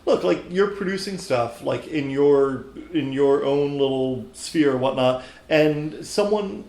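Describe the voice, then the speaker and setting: A man's voice: mid-range voice, unhurried, a little mellow. A man co-hosting a podcast who talks in an encouraging way, laughs often and asks prompting questions. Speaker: podcast co-host. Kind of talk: casual chat. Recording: roomy echoey room.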